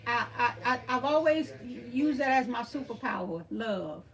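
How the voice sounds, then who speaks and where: A woman's voice: a little high, expressive, unhurried. A woman with a Southeast Texas country accent hosts a live stream, answering the chat in a folksy way and calling viewers honey and girl.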